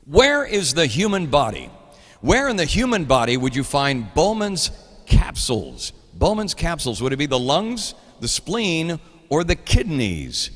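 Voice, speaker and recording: A man's voice: a little high, wildly swooping pitch, a little slow, a bit bright, long reverb tail. A middle-aged man with an Oklahoma accent, hosting a live show in casual chat, laughing often as he reads out trivia.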